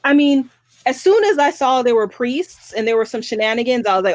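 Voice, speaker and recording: A woman's voice: mid-range voice, expressive, fairly quick, no room sound. Woman, chatty co-host, exasperated, dry close sound, mid voice. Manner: chatty, exasperated, stumbles over names. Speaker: book review podcast co-host. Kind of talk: casual chat.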